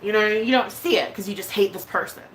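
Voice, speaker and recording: A woman with a bright, forceful voice talks to her live-stream viewers in a blunt, heated way. She swears freely and hesitates on fillers as she speaks. A faint noise sits behind her. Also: medium pitch, quick pace. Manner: emotional, hesitant with many fillers. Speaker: vlogger. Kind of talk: casual live-stream chat.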